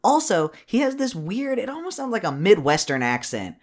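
A man co-hosting a podcast, recapping a movie in rambling, profane casual chat. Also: high-pitched. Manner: rambling, profane, animated, quick bursts.

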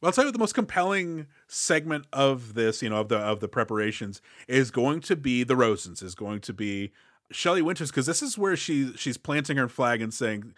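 A man gives blunt, sarcastic opinions on a film as co-host of a casual podcast. He throws in quick mock quotes to make his point. His voice is at a middle pitch, with a dry, close sound. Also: animated, fairly bright tone, no echo. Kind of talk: casual movie review banter.

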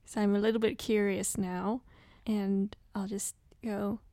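A woman's voice: medium pitch, little pitch movement, unhurried, heavy background noise. Hesitant, polite woman playing a tabletop game. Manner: hesitant and polite, with many fillers. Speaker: player. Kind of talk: tabletop role-play.

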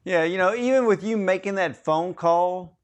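High-voiced guy interviewing, lots of yeahs and mm-hmms, then asks his question. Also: normal speed. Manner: brief affirmations and a follow-up question. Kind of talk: casual conversation.

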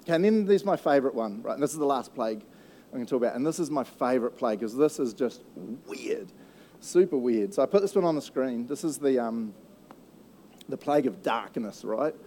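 A man's voice: mid-range voice, lively intonation, fast, dark tone, slight background noise. A man, a pastor giving a casual, jokey sermon and acting out voices of the people in the story. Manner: playful, jokey, acts out quoted voices.

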